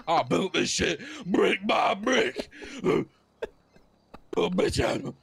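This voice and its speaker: A man's voice: high-pitched, vocal fry, exaggerated voice. A man voicing a hot-headed young male crew boss in a game role-play, ranting and swearing. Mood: mocking. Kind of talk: GTA role-play voice chat.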